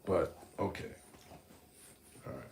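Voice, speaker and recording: On a casual live stream, a man reacts to a video at a slow pace, speaking to his chat in street slang. He mocks with animation, sinking to low mutters then breaking into loud outbursts, with a little hiss or hum in the audio.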